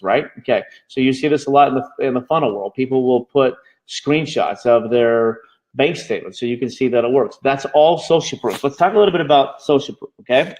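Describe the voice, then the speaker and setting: A man teaching a live online marketing class, talking quickly and checking in with his students every few phrases. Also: medium pitch, darkish tone, rough recording. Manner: fast-talking, constantly checking in with "okay?". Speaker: marketing bootcamp instructor.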